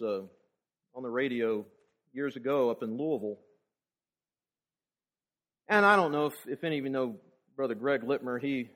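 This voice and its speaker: A man with a medium-pitched voice gives a conversational sermon, putting rhetorical questions to the congregation. He frequently restarts, repeating words as he does.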